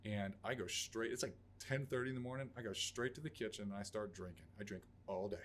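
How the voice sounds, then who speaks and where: Interview guest: man, 30s, lowish voice, profane raw storytelling, faint room noise behind. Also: quick pace. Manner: raw, profane, acts out quotes in loud outbursts. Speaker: podcast guest, Army veteran.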